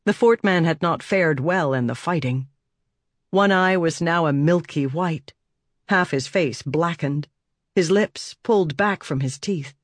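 A man narrating a fantasy audiobook in a steady, measured storytelling voice. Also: fairly high pitch, no echo, studio quality.

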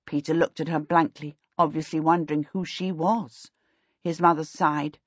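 A woman reading a storybook aloud as narrator in a calm, steady way. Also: deep voice, normal speed, husky, no room sound. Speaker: audiobook narrator. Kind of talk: scripted narration. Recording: slightly dull, dry recording.

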